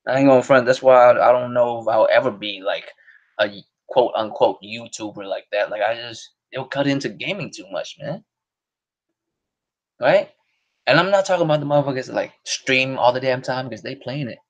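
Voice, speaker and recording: A man's voice: mid-range voice, normal speed, highs cut off. A man hosting a podcast stream, chatting casually in a rambling, profane way and laughing often. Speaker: podcast host. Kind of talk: casual solo stream chat.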